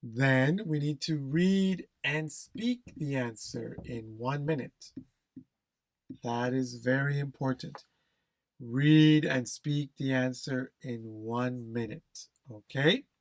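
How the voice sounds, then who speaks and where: A man's voice: medium pitch, slow, dry recording. A man teaching an exam-prep lesson, stressing key phrases, repeating them and checking in with "okay?". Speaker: English test instructor.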